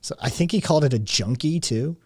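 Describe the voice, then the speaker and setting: A man's voice: on the high side, fairly quick, a little mellow, slightly rough, no room sound, clean studio sound. A man hosting a casual livestream, rambling and swearing as he answers chat messages. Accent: slight Southern drawl at times. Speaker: podcast host.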